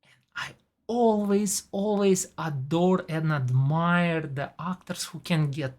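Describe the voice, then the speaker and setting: A woman's voice: low voice, takes it slowly, a little mellow. A woman in her forties with a non-native English accent, chatting casually and enthusiastically about a TV show she reviews. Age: 40s. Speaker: TV and movie reviewer. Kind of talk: casual chat.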